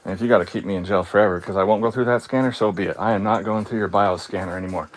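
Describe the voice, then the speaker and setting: A man talking on his live stream in a casual rant, sarcastic and mocking, often laughing, swinging between calm and heated. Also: lowish voice, rapid-fire. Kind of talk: casual ranting monologue.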